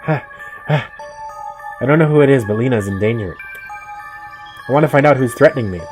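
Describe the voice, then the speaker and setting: This young gamer's let's play of a horror game mixes dramatic readings of the on-screen text with offhand jokes. His voice is medium-pitched and brisk, and background music can be heard.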